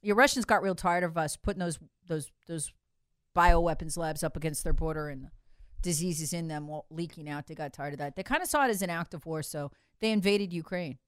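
A woman hosting an opinion monologue, sarcastic, swinging from loud outbursts to muttered asides and mocking voices. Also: sits low, a little fast, clear, resonant tone, no room sound, studio quality. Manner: acts out mocking voices of others. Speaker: political commentary host.

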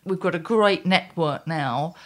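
Low, bright-voiced woman. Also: measured pace. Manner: earnest, pleading, teasing. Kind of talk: casual chat.

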